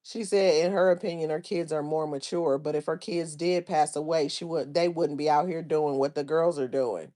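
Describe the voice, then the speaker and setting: A woman's voice: low-pitched, fairly even intonation, normal speed, hardly any pauses, mellow. A woman hosting a livestream, chatting casually about online drama and reading viewers' comments aloud in a drawling, gossipy way. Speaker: livestream host.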